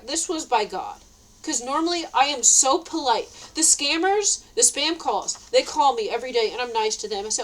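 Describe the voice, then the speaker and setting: Agitated ranting woman, high voice. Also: a bit bright, rough recording. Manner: agitated, swearing, rambling with restarts. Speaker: vlogger. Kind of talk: ranting monologue to camera.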